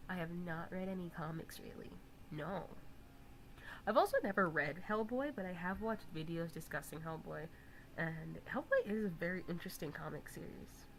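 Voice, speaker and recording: A young woman on a live stream chats casually in a slightly low voice. She rambles, teases and jokes. A faint hum of background noise sits under her talk. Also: poor audio. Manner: chatty, teasing, laughs loudly.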